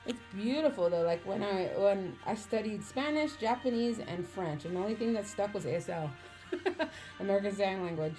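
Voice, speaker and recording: A woman's voice: medium pitch, animated, moderate pace, dark tone, soft background music. A woman from Guam and Hawaii chatting casually on a livestream, laughing easily and searching for words.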